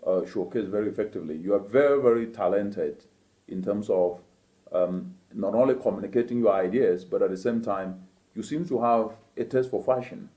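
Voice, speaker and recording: A man's voice: fairly low pitch, moderate pace, warm tone, echoey room. Emphatic male motivational host. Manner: emphatic, preachy, rhetorical questions. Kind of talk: motivational interview talk.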